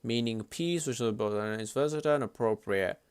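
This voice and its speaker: A man streaming live at his computer, chatting casually in an excitable, slangy, swear-heavy way. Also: medium pitch, brisk, clean tone, no room sound.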